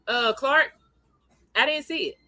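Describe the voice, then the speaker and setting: A woman hosts a casual livestream and speaks. Her voice is bright and sits a touch high. She greets her viewers by name as she chats and laughs easily. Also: measured pace, no room sound. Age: adult, parent of a young child. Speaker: livestream host.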